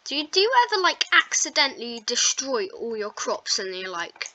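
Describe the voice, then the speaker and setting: Bright-voiced woman rambling over gameplay. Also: on the high side, big pitch swings, normal speed. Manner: rambling, self-mocking chatter. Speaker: gaming video host. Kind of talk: casual gameplay commentary.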